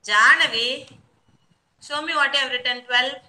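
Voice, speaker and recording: A woman teaching kindergarteners over a video call, slowly repeating numbers and coaxing the children. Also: sits high, sharp tone, rough recording. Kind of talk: online class instruction.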